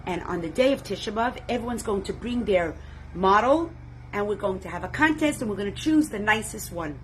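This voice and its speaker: A woman's voice: medium pitch, animated, fairly quick, a little hiss or hum, lightly acted, poor audio. A woman voicing a male rabbi who cheerfully announces a contest to families. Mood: upbeat.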